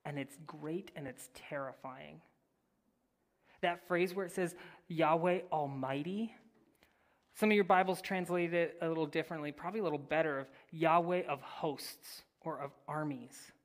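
A preacher reading scripture and teaching, swinging between loud declarations and near-whispered phrases, with casual asides to the listeners. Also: mid-range voice, moderate pace. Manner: casual, addresses listeners as "guys". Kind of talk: sermon with Bible reading and teaching.

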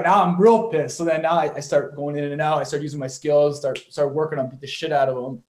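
Fast and with hardly any pauses, a young man who is both boxer and poet rambles through profane, filler-heavy stories in a casual interview. His pitch is fairly high, his intonation fairly even, and his tone darkish.

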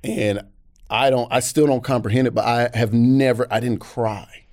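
In a candid podcast interview, an American guest animatedly tells personal stories, performing the voices of the people he quotes. He speaks at a moderate pace with a medium-pitched voice, and the studio sound is clean, with no room noise.

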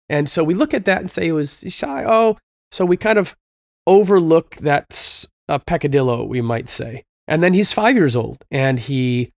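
A man's voice: mid-range voice, no room sound, studio quality. A middle-aged man hosting a parenting talk, speaking earnestly and a bit preachily, telling stories with fillers. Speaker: podcast host. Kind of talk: conversational Christian parenting talk.

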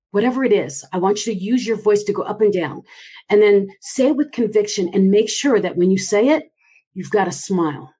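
A woman voice coach giving advice on a casual video call, talking in an animated, expressive way. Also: medium pitch, brisk, breathy edge. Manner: animated, expressive, by her own account. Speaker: voice and speaking coach.

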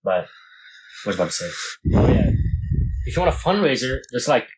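A man's voice: mid-range voice, very animated, brisk, a little mellow, slightly rough, poor audio. A young man in casual chat, rambling through a story with lots of fillers and restarts.

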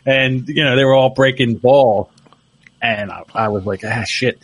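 A man's voice: mid-range voice, normal speed, dry recording. A middle-aged man telling stories in casual chat, laughing often.

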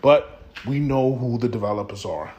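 A man's voice: mid-range voice, animated, normal speed, darkish tone, dull audio. An American man hosting a podcast, talking in a blunt, profane, emphatic solo rant and repeating himself. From United States. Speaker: podcast host.

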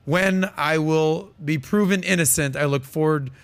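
A man's voice: fairly high pitch, a little slow, smooth. A man hosting a podcast, giving casual, emphatic commentary that is full of fillers. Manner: emphatic, quoting and reading aloud, many fillers. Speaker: podcast host.

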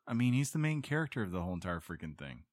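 A man's voice: deep voice, big pitch swings, racing, dry recording. A man hosting a podcast in casual chat, joking and rambling with a self-mocking streak. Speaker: podcast host.

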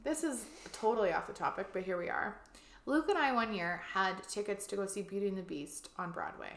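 Lively, chatty woman in an echoey room. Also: medium pitch, fairly quick, creaky, a little hiss or hum. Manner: animated, swearing, acts out quotes. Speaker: podcast co-host. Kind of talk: casual chat.

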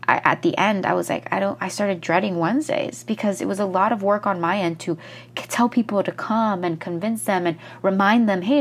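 A woman's voice: medium pitch, breathy edge. A young woman hosting her own podcast, talking candidly and rambling with frequent restarts, swearing for emphasis as she gushes about her routine. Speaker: podcast host and life coach. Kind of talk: casual solo monologue.

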